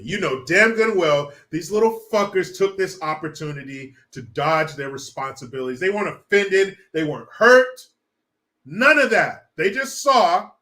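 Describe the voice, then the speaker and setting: A man's voice: fairly high pitch, pushed and bright. A man hosting a casual livestream, reading chat and ranting with lots of profanity and laughter. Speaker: live stream host.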